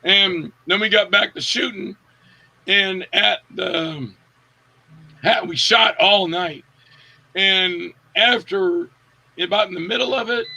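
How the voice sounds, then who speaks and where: This actor guest speaks in a high, creaky, somewhat rough voice. During an interview, he casually shares stories from set and animatedly performs the quotes, raising his voice for them.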